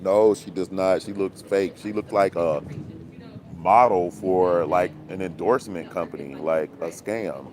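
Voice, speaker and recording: A low-voiced man holds forth in loose, rambling commentary. He talks in a preachy, conspiratorial way, piles on fillers, and breaks into laughs. There is faint outdoor noise behind him. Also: unhurried, a little mellow. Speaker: commentary channel host.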